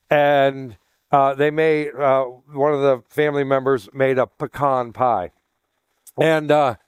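A man preaching to a congregation in a loose, chatty teaching style, breaking off for jokes and quick show-of-hands questions. His voice sits slightly high for a man. It sounds close and dry, with almost no room sound. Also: clear, resonant tone, no room sound. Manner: chatty, jokey asides, asks the room questions. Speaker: pastor. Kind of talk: teaching sermon with congregation banter.

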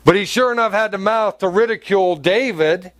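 A man preaching a sermon as pastor, animated and storytelling, laughing often. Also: high-pitched, brisk, dry recording.

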